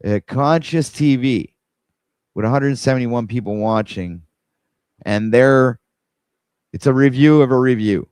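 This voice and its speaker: A man's voice: mid-range voice, measured pace, pauses often, a little mellow, clear, resonant tone, dry recording. A man hosting a casual livestream, rambling in an exasperated way and talking to his viewers while he scrolls. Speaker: livestream host.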